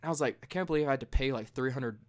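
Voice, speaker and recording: A young man hosting a casual late-night podcast, retelling a story in a profane, heated way. He jumps high and loud when he imitates himself. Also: racing. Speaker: podcast host.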